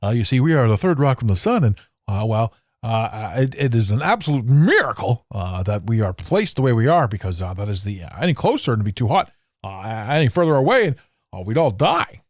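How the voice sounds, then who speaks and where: A man parodying a condescending male science explainer who hesitates and fills every pause with "uh", in a dry, close recording. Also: medium pitch, big pitch swings, no room sound. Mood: patronizing. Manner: halting, filler-laden, patronizing.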